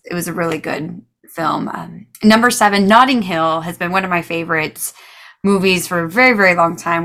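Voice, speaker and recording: Animated American woman, laughing. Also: lowish voice, creaky. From United States. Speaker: podcast co-host. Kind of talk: casual chat.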